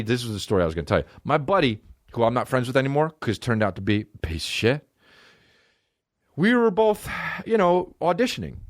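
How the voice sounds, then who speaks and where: A man hosting a comedy podcast, ranting profanely and swinging between excited highs and low mutters. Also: no room sound, studio quality. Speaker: podcast host. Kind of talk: solo comedy podcast rant.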